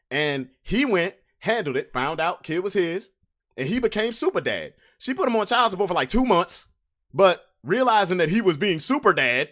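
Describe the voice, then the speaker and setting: A man hosting a casual livestream podcast, reading memes to his chat with drawn-out emphatic delivery, loose slang. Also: fairly high pitch, sing-song, a bit bright.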